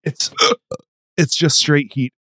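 A man's voice: fairly high pitch, slow pace, no echo, studio quality. A man co-hosting a podcast, chatting casually and exclaiming a lot as he tries a hot chip. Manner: excitable, exclaiming. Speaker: podcast co-host.

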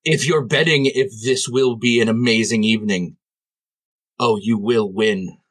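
A man's voice: medium pitch, fairly even intonation, unhurried, fairly bright tone. A man voicing a naive, boastful male toy magician in a tabletop game, all showy bravado.

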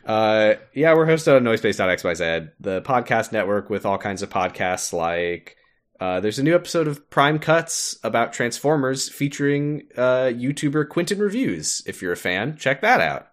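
A man co-hosts a relaxed podcast, chatting casually and laughing between his remarks. His pitch swings widely as he talks, and he trails off into fillers and restarts. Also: normal speed. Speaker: podcast co-host.

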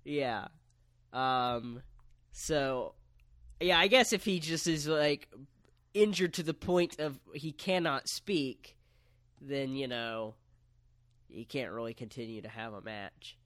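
A man co-hosting a podcast, recapping a story in relaxed casual chat with lots of fillers. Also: medium pitch, slow, long pauses, dry recording. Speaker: podcast co-host.

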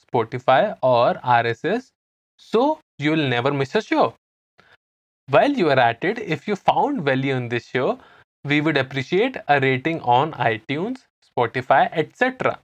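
A man teaching through oral drills, speaking each phrase slowly and deliberately so learners can repeat. His pitch moves in a lively way, rising and falling between words. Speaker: Hindi teacher, podcast co-host. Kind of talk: language drill.

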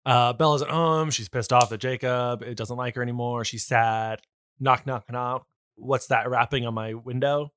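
A man co-hosting a comedic book recap podcast, making wry deadpan asides. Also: mid-range voice, normal speed, smooth, no echo, studio quality. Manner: wry, deadpan asides, bursts into mock ranting. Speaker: podcast co-host.

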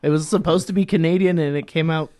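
A man's voice: a little high, fairly even intonation, fast talker, dark tone, dry recording. Guy hosting a chill podcast, jokey and self-deprecating, dead dry sound. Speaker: podcast co-host. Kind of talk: casual chat.

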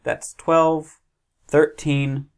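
Gravelly man counting dice at the table. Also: on the high side, flat delivery, extremely slow. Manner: hesitant, thinking aloud, counts out dice. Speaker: tabletop game player. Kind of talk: casual chat.

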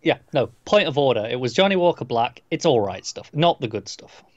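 A man's voice: medium pitch, animated, fairly quick, no echo, lo-fi sound. A man chatting casually about a TV episode, adding dry, nitpicking asides. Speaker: podcast co-host. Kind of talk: casual TV recap chat.

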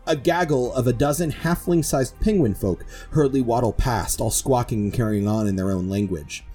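A man narrating a tabletop space fantasy adventure as dungeon master, in measured, descriptive storytelling. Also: medium pitch, warm tone, soft background music. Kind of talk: narrating a tabletop game podcast.

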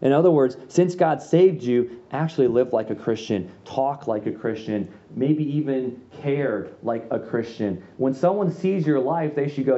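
A man preaching a sermon to a youth gathering in a church room, casual and slangy with quick asides. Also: mid-range voice, dark tone, muffled recording. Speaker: youth pastor.

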